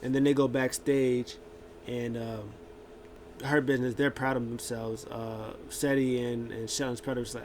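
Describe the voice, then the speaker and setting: Male vlogger, mid-pitched, casual recap, rambling, faint background hiss. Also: level tone, a little slow. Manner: rambling, many filler words and restarts. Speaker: wrestling show recap vlogger.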